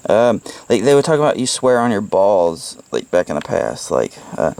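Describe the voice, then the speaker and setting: A man's voice: on the low side, sing-song, normal speed, gravelly, darkish tone. A man giving a casual, rambling book report at home, swearing freely and laughing at his own jokes. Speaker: book reviewer. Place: at home, with pets around.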